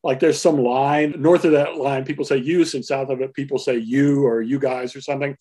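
A man's voice: medium pitch, steady tone, brisk, warm tone, husky. A man answering interview questions as a linguist, explaining carefully with frequent filler words. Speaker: linguist guest.

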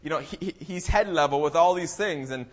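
A young man preaching a sermon, who acts out the people of the story and breaks into loud cries. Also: fairly high pitch, a little fast. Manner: dramatic, acts out the people in the story, bursts into shouted pleas.

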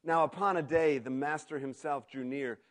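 A man's voice: on the high side, steady tone, normal speed. A man preaching a sermon, an earnest pastor who reads a story aloud to his congregation.

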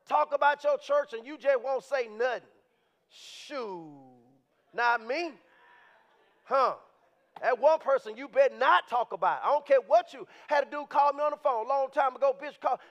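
A man preaches in a church with a strikingly high voice. He talks to the congregation in a lively, conversational way and at times rises to shouts. The recording sounds dull and lo-fi. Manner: animated, conversational, rising to shouts. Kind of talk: sermon. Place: church sanctuary.

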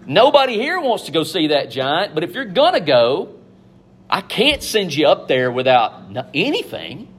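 A man preaching a sermon, animated and conversational, acting out biblical figures in quick asides. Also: a little high, slightly rough.

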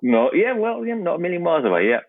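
A man with an Essex accent talks in a relaxed podcast conversation and often laughs at himself. His sentences break off and restart as he goes. The sound is dry and narrow, like it comes down a phone line. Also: sits high, quick pace, dry recording. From England. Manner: self-deprecating, laughs often, many restarts. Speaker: podcast guest. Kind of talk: casual chat.

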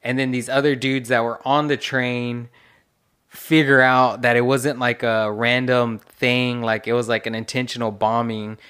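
A man's voice: mid-range voice, level tone, measured pace, fairly bright tone, clean tone. A young man in loose, slangy casual chat, leaning on "like" and "dude".

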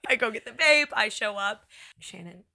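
A woman who is a podcast guest, telling a story in casual chat, expressive and laughing often. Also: a little high, moderate pace, creaky.

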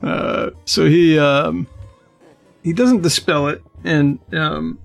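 High-pitched man, gravelly voice, halting game master narration. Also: steady tone, faint music behind. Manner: halting, full of fillers.

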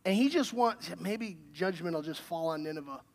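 A man's voice: fairly high pitch, expressive, normal speed. A man, the pastor, preaching a sermon in a conversational way and building to emphatic questions.

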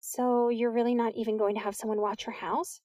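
A woman's voice: fairly high pitch, level tone, dark tone, no room sound, clean studio sound, close to an everyday voice. A woman narrator voicing an anxious, emotional teenage girl who talks in heated, pleading bursts. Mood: worried. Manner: heated, pleading, quick to self-pity.

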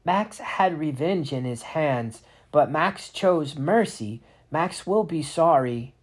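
A man voicing an anxious female Spriggan creature who talks slowly in a wavering voice and speaks of others in the third person. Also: fairly high pitch, expressive, slightly rough, pitched above the performer's own voice, exaggerated voice.

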